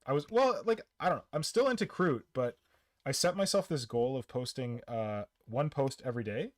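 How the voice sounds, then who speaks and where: Man, stream host, casual chat, rambling, joking, mid-pitched voice. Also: animated, moderate pace, dry recording.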